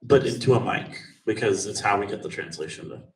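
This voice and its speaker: Brisk man chairing a meeting, echoey hall. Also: fairly low pitch, animated. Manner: brisk and procedural. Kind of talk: running a public meeting. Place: community center meeting hall. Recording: echoey hall, distant mic, faint noise.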